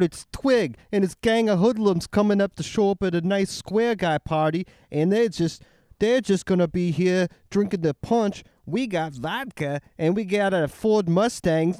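A man's voice: very high-pitched, no echo, studio quality, voice pushed up, heavily acted. A man doing a brash old-city tough-guy voice, like a 1950s hoodlum.

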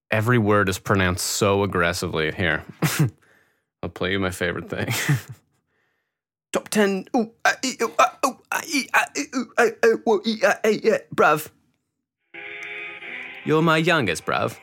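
A man's voice: low voice, fairly bright tone, smooth, no room sound, studio quality. A man hosting a podcast on his own, chatting casually in a rambling, laid-back way and swearing often. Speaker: podcast host. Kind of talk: casual solo chat.

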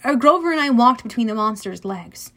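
Woman narrator, high voice, lively first-person audiobook reading. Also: fairly quick.

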